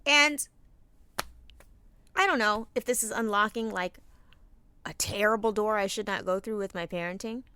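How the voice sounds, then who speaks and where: A woman in her thirties co-hosting a podcast, chatting candidly and swearing freely while telling animated stories about her children. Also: mid-range voice, moderate pace, pauses often, clear, resonant tone, no room sound. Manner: candid, profane, animated storytelling. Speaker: podcast co-host. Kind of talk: casual chat.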